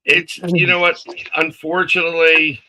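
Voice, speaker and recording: A man's voice: fairly high pitch, moderate pace, rough recording. A man casually telling a story on a live stream, acting out the lines of people in it and laughing often. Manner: animated, acts out quotes, laughs often.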